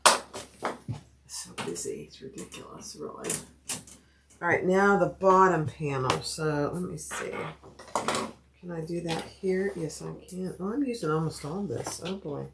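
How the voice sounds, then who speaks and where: A woman's voice: fairly low pitch, a little slow, background noise. A woman hosting a sewing livestream, chatting casually and thinking aloud as she cuts out fabric pieces and greets viewers by name. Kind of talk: casual livestream chat while cutting fabric.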